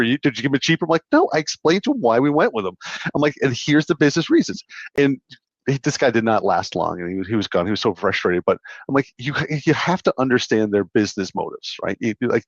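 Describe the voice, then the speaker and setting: A man's voice: mid-range voice, no room sound, muffled recording. A man co-hosting a podcast, telling sales stories in casual chat, rambling and repeating words. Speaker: podcast co-host, sales manager.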